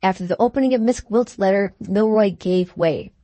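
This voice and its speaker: A woman narrating a Victorian novel in a measured, even audiobook reading. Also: mid-range voice, no echo.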